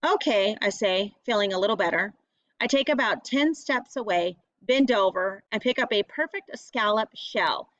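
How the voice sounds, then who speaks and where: A woman's voice: mid-range voice, normal speed, a bit bright, no echo. A woman reading a first-person audiobook in a plain, earnest storytelling voice. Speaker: audiobook narrator. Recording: dull lo-fi audiobook recording.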